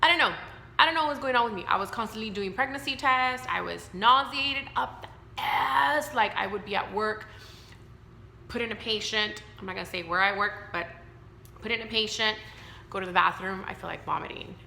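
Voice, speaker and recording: A woman's voice: medium pitch, normal speed, gravelly, bright, forceful tone, echoey room, a little hiss or hum. A woman in her thirties telling her own story to camera, candid and emotional, rambling with fillers. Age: 30s. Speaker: vlogger.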